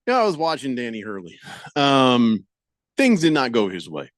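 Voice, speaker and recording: Rambling, animated male sports radio host. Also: mid-range voice, moderate pace, no echo, clean studio sound. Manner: joking, rambling with many fillers and restarts. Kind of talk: casual sports talk.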